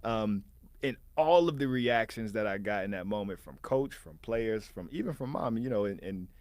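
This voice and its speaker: A man with a lowish voice tells a story in casual conversation. He is animated and chuckles as he goes. The recording is dry, with no room sound. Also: moderate pace, no room sound.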